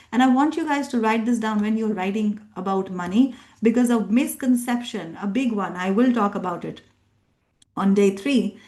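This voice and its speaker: A woman's voice: fairly high pitch, warm tone. A middle-aged woman coach leading a live workshop, emphatic and repetitive, rallying her group with questions. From immigrant living in Australia. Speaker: NLP coach and workshop trainer.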